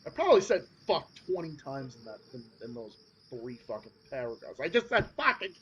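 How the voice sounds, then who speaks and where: A man hosting a podcast, ranting angrily and swearing constantly, his voice jumping high when worked up. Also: very animated, normal speed, hardly any pauses, fairly bright tone. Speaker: podcast host. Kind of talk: profane ranting monologue. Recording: slightly dull lo-fi sound with faint noise.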